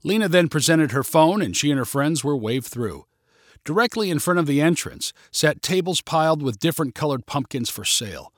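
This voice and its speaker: A man reading a story aloud as narrator, in a clear, expressive way. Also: on the high side, moderate pace, no echo, clean studio sound.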